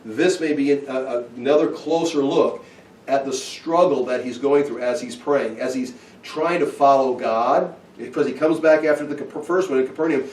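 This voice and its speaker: A man's voice: mid-range voice, normal speed, a little mellow, slight background noise. A man giving an informal, conversational Bible teaching, walking listeners through the verses. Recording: roomy echo, mic at a distance.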